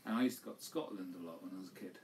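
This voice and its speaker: A man's voice: low voice, rapid-fire. A man co-hosting a casual, tipsy podcast chat, rambling with lots of fillers and some swearing. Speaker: podcast co-host. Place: home live stream. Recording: distant mic with faint room noise.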